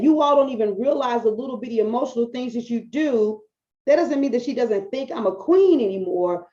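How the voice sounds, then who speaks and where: Brief: middle-aged woman coach, casual rant to camera, profane and animated, warm low tone. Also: dull audio. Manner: blunt, profane, animated storytelling. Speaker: business coach. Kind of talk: casual talking-head video.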